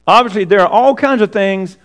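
A man preacher voicing Job, an ancient man humbled and contrite, speaking low and slowly. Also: a bit bright. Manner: slow, low, subdued.

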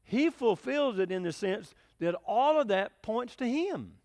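A man's voice: high-pitched, lively intonation, measured pace, a little mellow. A man preaching a conversational sermon, folksy and often asking his listeners questions. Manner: folksy, asks the congregation questions, chuckles.

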